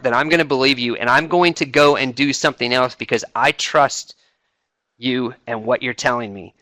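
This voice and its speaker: A middle-aged man talks to a webinar audience in a loose, conversational way, full of fillers and restarts. His voice is bright and forward at a middle pitch, recorded close and dry. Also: normal speed, no echo. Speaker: senior enlisted advisor speaking on a webinar. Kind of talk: informal talk to a webinar audience.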